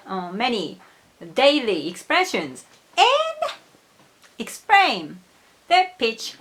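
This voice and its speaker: A Japanese-accented woman teaches pronunciation at an unhurried pace. She models each word carefully and repeats it. Her high, bright voice swings widely in pitch. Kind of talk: pronunciation lesson.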